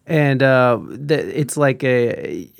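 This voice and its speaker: A man's voice: medium pitch, slow, gravelly, no room sound, studio quality. Rambling, enthusiastic American man. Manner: rambling, enthusiastic, filler-heavy. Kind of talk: casual chat.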